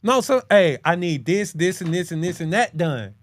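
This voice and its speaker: A man co-hosting a casual chat, talking in slang, calling his listener bro, and jumping up in pitch to press his points. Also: moderate pace, no echo. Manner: animated, swings his pitch high when making a point. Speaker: podcast co-host.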